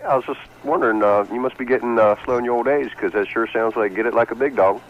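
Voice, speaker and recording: A man's voice: mid-range voice, fast talker. A man calling in to a radio show, teasing and easygoing over a phone line. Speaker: caller. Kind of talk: casual phone-in chat.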